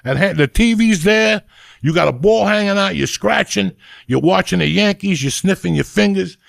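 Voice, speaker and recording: A middle-aged man rants in a profane, rambling, comic way as a podcast host. His voice is gravelly and sits a little high, and it is recorded close and dry. Everything comes out loose, like talk between friends. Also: lively intonation, moderate pace, no room sound. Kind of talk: crude comedic rant.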